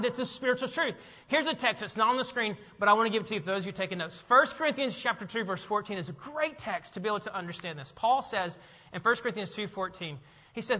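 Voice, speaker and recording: Animated high-voiced male preacher in a hall. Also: dull audio. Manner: animated preaching, acts out voices and asks the congregation questions. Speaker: pastor. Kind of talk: sermon. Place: church sanctuary.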